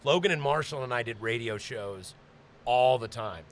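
A man hosting a podcast, telling stories in casual chat, animated and swearing freely. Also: mid-range voice, moderate pace, a little hiss or hum. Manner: animated, swearing, laughing storyteller. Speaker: podcast host.

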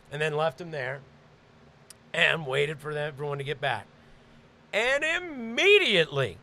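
A man hosting a podcast, telling a crude story and shouting when he acts out scenes. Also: a little high, slight background noise. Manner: animated, shouts when reenacting. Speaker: podcast host.

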